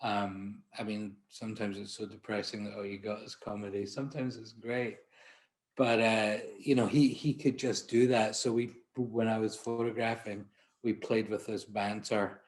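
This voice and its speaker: A Scottish man from Glasgow with a Glaswegian accent and a somewhat low-pitched voice gives an anecdotal presentation about his portrait work. He talks in a chatty, self-deprecating way, often restarting his sentences. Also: little pitch movement, moderate pace. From Glasgow, Scotland. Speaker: portrait photographer giving a conference talk.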